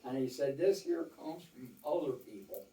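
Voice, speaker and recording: A man's voice: mid-range voice, animated, moderate pace, mellow, a little hiss or hum. An older man telling rambling, folksy war stories to a small audience, quoting others at length. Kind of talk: casual storytelling to a small audience. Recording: roomy, from far off the mic.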